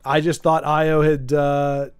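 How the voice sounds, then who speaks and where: A man's voice: a little high, little pitch movement, slow, clean tone, soft background music. A man streaming a card game playtest, chatting in a playful, rambling way and laughing easily. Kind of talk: casual chat while playtesting a card game.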